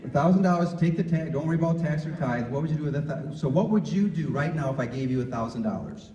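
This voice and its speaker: A man speaking as a guest financial advisor, giving an animated motivational talk to students and peppering them with questions. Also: fairly high pitch, fast talker, slight background noise. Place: room at a campus ministry gathering. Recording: echoey room, from far off, dull.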